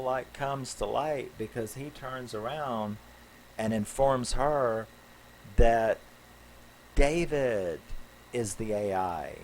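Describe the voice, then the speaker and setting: A man's voice: mid-range voice, slow, darkish tone, slight background noise, low-quality recording. A man retelling a film plot in a loose, rambling way, full of fillers and swearing. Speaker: movie reviewer. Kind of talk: casual spoken film recap.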